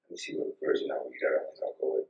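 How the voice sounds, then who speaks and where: A man preaching a sermon as pastor, telling personal stories in an animated way, often laughing at them. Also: rumbling low, quick pace, muffled recording. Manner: animated, laughs at his own stories, acts out voices. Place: church sanctuary. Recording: very echoey church room, mic far off.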